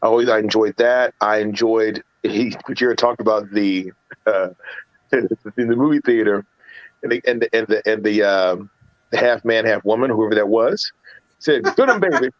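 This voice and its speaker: This man's lowish voice comes at normal speed through dull, dry audio. He chats about films on a casual livestream as a reviewing panelist, restarting often and bringing scene quotes to life as an animated storyteller.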